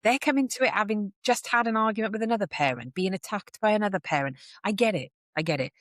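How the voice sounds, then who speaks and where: A woman's voice: mid-range voice, quick pace, no room sound, clean studio sound. A woman, a podcast guest chatting casually and animatedly, often acting out what others say. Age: 40s. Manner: animated storyteller who acts out others' voices. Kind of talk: casual chat.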